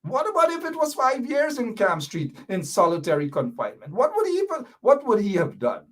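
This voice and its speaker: Combative Guyanese man with a lively voice. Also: high voice, brisk. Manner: combative, indignant, repeats rhetorical questions. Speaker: host of a political commentary show. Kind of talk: political commentary monologue.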